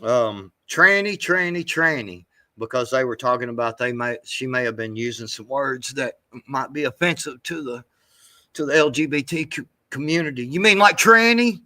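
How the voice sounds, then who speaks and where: A man's voice: mid-range voice, fairly even intonation, moderate pace, fairly bright tone. A man hosting a show, reacting to clips in rambling, profane casual commentary with many restarts. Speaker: show host.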